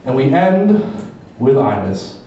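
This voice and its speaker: A man's voice: medium pitch, sing-song, slow pace, warm tone, slight background noise. Profane male comedian in an echoey club. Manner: profane storytelling. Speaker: stand-up comedian. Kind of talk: stand-up routine. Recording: echoey, dull live club from far.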